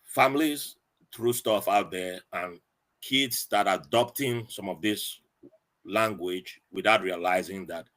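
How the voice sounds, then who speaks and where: Man, 40s, podcast guest; bright, lively storyteller. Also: low-pitched, takes it slowly. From Nigeria. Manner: animated, acts out quoted voices.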